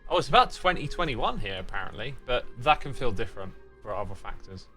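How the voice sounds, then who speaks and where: A man's voice: mid-range voice, big pitch swings, fairly quick, bright, forceful tone, soft background music. A man hosting a casual gaming livestream, reading chat messages aloud and answering them in a playful, teasing way. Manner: playful, teasing fake sign-offs. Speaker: livestream host.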